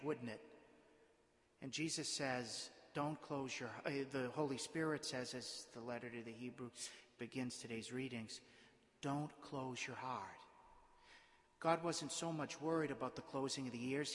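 A man preaching as a priest, reading scripture with steady liturgical care before moving into a homily built on explanation and rhetorical questions. His voice sits at an ordinary middle pitch. Long reverb from the church space trails after his words. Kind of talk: Gospel reading and homily at Mass.

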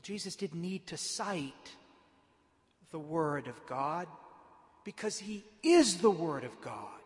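A man serving as priest, reading the Gospel and preaching a homily with emphatic, slowly stressed phrases in a large church. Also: high-pitched, fairly bright tone. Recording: reverberant church hall.

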